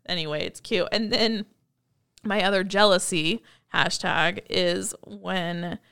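A woman chatting casually, retelling film scenes with lively storytelling and acting out the characters' lines. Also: fairly low pitch, slow, creaky, smooth. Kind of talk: casual chat recapping a film.

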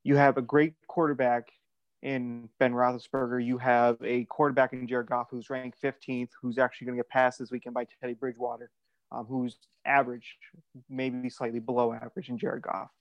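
A man's voice: mid-range voice, level tone, brisk, no room sound, dull audio. A man on a sports talk panel, laying out his pick as a methodical, structured argument. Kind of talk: casual sports chat.

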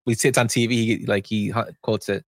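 A man's voice: fairly low pitch, little pitch movement, fast talker, no echo, clean studio sound. Rambling man hosting a film chat. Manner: rambling, restarts, reads out film facts. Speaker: podcast co-host.

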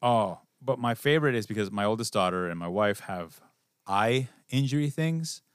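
Relaxed, wry man rambling about movies. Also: lowish voice, moderate pace, smooth, no echo, studio quality. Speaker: podcast co-host. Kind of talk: casual movie chat.

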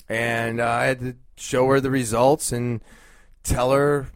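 A man's voice: mid-range voice, level tone, a little slow, no echo, studio quality. A man in his thirties hosting a podcast, talking casually with lots of fillers and restarts. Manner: rambling, many fillers and restarts. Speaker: podcast host.

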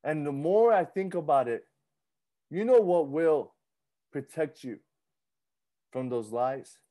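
Brief: male pastor, thirties, mellow voice, lively chatty sermon delivery. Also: a little high, slow pace. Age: 30s. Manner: conversational, animated, repeats himself and acts out his own thoughts.

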